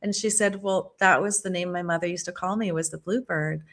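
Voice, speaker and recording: A woman's voice: fairly low pitch, fairly even intonation, a little fast, fairly bright tone. Earnest, enthusiastic woman podcast guest. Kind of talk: conversational interview.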